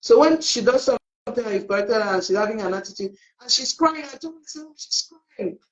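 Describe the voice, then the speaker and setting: Dull lo-fi middle-aged woman, lively storyteller. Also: fairly high pitch, brisk. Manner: animated storyteller who acts out quoted dialogue. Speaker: parenting coach. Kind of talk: live online talk, telling stories. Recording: dull lo-fi audio.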